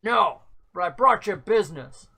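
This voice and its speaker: A game master putting on a hulking, practical male half-orc who speaks plainly and dryly. Bright in tone, he nudges rather than threatens in this tabletop game. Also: mid-range voice, lively intonation, normal speed, vocal fry, husky, exaggerated voice. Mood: blunt. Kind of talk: voicing a character in a tabletop game.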